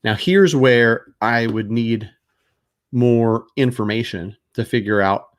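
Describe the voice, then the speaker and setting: A man's voice: mid-range voice, takes it slowly. A man hosting a casual live Q&A as a mortgage broker, explaining loans in a conversational way with frequent fillers and restarts. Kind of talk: casual live Q&A answering viewer questions.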